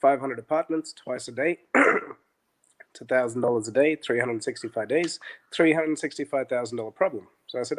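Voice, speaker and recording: Animated man telling business stories. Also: medium pitch, brisk. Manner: animated, acts out dialogue in quotes. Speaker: interview guest, business founder. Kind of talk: conversational storytelling.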